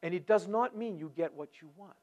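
A man preaching a sermon, talking with great animation, swinging from hushed tones to loud and repeating words as he builds a point. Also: sits high, brisk, highs cut off. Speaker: pastor.

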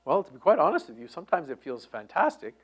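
A middle-aged man preaching a sermon, moving between loud emphatic lines and hushed near-whispers. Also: on the high side, wildly swooping pitch, quick pace, breathy edge, faint music behind. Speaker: pastor.

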